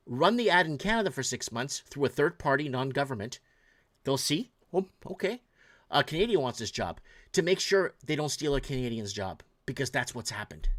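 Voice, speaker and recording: A man from Portugal hosts a late-night call-in show in a heated, emphatic rant. His voice sits a little high for a man, and his pitch swings widely as he presses each point. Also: a bit bright. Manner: reads out viewer messages. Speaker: talk show host.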